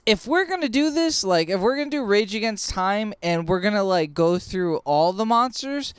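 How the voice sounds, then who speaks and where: A man's voice: high-pitched, animated, normal speed, clean tone, no room sound, clean studio sound. A man co-hosting a casual podcast, rambling with many restarts and swearing. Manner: rambling, hesitant, profane. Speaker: podcast co-host. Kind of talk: casual chat.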